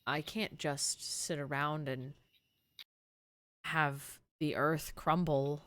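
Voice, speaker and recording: A woman voicing a devoted lizardfolk druid parent, solemn and deliberate. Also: low voice, steady tone, a bit bright.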